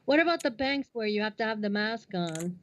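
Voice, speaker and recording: A woman hosting a casual conversation. She reacts quickly, laughs along, and gets animated when she tells a story. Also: mid-range voice, dry recording.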